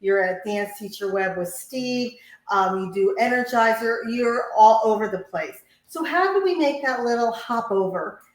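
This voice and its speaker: A woman's voice: a little high, expressive, normal speed. A woman hosting an interview, asking questions and affirming her guest. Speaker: podcast host. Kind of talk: casual interview. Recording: roomy echo.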